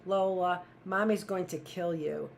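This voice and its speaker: A woman's voice: lowish voice, steady tone, unhurried, creaky, slight background noise. A woman reading aloud, voicing a shy, nerdy teenage boy who speaks timidly and hesitantly.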